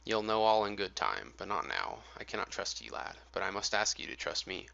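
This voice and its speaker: A man's voice: deep voice, sing-song, brisk, creaky, sharp tone, heavily acted. A man voicing a frightened, secretive old sailor with a Yankee accent and old-fashioned speech, in a storybook reading on dull lo-fi audio. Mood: wary, secretive. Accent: Yankee (New England). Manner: old-fashioned dialect, wary and urgent.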